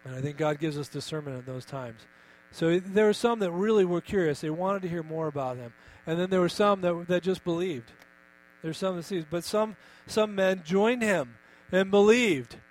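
A man delivers a sermon with emphatic force, pitched a little high for a male voice. He keeps turning questions back on his congregation. A steady mains hum runs beneath the recording. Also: moderate pace, poor audio. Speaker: pastor.

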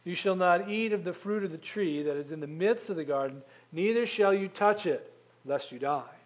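A man's voice: high voice, normal speed. A man preaching a sermon in a conversational way, asking the listeners rhetorical questions. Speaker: pastor.

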